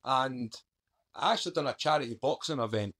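A man's voice: mid-range voice, brisk, fairly bright tone. A man, a podcast guest telling his story in a plain-spoken, conversational way. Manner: plain-spoken, conversational, uses "mate" and "I done". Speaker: guest, author. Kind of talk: casual interview storytelling.

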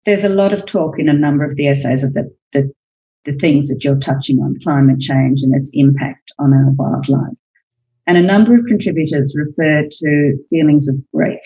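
Woman, podcast host, measured, articulate, mellow, husky. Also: low-pitched, fairly even intonation, lo-fi sound. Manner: measured, articulate, formal questions. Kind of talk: interview questions.

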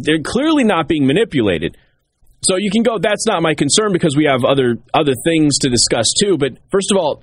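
Hammering his points through repetition, a talk show host delivers emphatic political commentary. His male voice sits fairly high, with no room sound.

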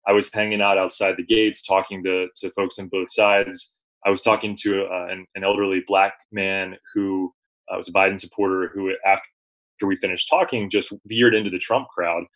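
A man, a journalist guest, recounting an experience in relaxed conversation with frequent fillers and restarts. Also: low-pitched, moderate pace, low-quality recording. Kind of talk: conversational storytelling.

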